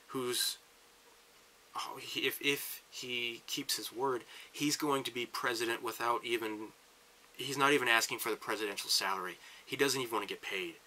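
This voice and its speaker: A man giving a long political rant as a vlogger, talking in bursts with halting restarts. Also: medium pitch, bright, forceful tone, a little hiss or hum, low-quality recording.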